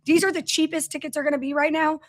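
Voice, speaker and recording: Chatty woman host on a company livestream, high voice, talks from an office. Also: level tone, fast talker. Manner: chatty storyteller, greets viewers by name. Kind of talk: casual livestream chat. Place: office in a large factory building.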